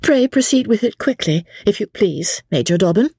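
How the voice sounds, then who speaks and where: A woman's voice: very animated, moderate pace, warm tone, no echo, studio quality. A woman doing a proud young widow, quivering. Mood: cold. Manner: low, clear, slightly quivering. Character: gentle young widow, offended.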